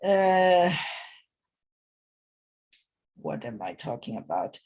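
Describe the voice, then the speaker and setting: A woman teaching an informal English lesson, talking in a halting way with many pauses and restarts. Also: sits low, creaky, dark tone, slightly rough.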